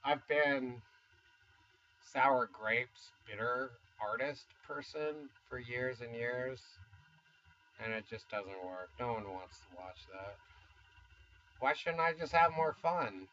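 A man's voice: medium pitch, slow, bright, forceful tone, highs cut off. A man in his fifties from the United States, rambling casually and self-deprecatingly in a vlog, with chuckling asides. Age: 50s. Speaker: YouTuber. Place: home studio.

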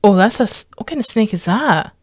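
A Scottish woman giving casual reaction commentary as a streamer, rambling and sweary, breaking into excited squeals and laughter. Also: medium pitch, fairly quick, breathy edge, no room sound, clean studio sound. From Scotland.

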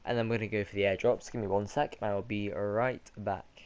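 A man's voice: on the low side, fairly even intonation, fairly quick, darkish tone, clean tone. A man with a British accent giving casual let's-play commentary, rambling and correcting himself as he goes. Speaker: gaming commentator.

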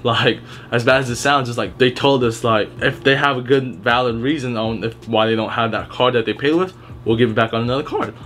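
A man's voice: medium pitch, a little fast, a bit bright, slight background noise. A young man telling work stories in a casual vlog, blunt and heavily profane, rambling with restarts. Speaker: retail worker telling stories.

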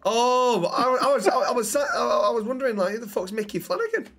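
A man's voice: extremely high pitch, sing-song, a little fast, fairly bright tone. A young man streaming a role-play game, chatting casually and swearing freely. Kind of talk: casual role-play and chat shout-outs.

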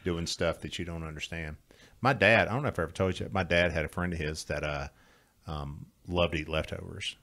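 A man co-hosting a casual podcast, telling stories deadpan and landing dry punchlines. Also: low voice, fairly quick. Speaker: podcast co-host. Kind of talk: casual chat over beers.

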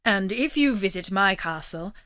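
A woman's voice: mid-range voice, lively intonation, moderate pace, fairly bright tone, dry recording, clean studio sound, close to an everyday voice. A woman playing a sad, formal knight. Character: sad, poor male knight, polite.

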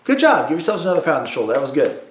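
Man, music teacher, high voice, slow and patient, echoey room. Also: big pitch swings. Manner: slow, patient, repeats drills for kids. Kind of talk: call-and-response music lesson.

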